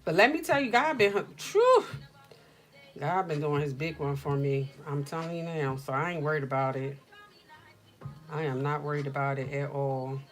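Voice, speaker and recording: A middle-aged woman hosting a casual livestream chat from home, telling stories in an animated, slangy way. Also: low voice, moderate pace, faint music behind. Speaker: livestream host.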